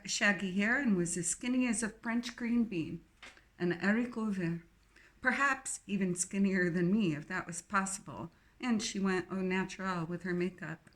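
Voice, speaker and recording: A woman reading a novel aloud in first person, expressive and lightly wry. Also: medium pitch. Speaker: audiobook narrator. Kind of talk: scripted first-person narration.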